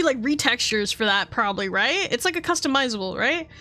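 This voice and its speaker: A high-pitched woman chatting on a live stream in an excitable, giggly way, swearing casually as she talks. Faint music plays softly behind her voice. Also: fairly quick, few pauses, no room sound.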